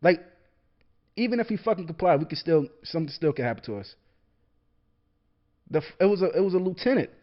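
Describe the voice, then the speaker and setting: A young man talking alone on a casual show, heated and profane, stumbling and repeating words as he gets worked up. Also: sits high. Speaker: podcast host, military veteran. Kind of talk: casual solo monologue. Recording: dull lo-fi sound.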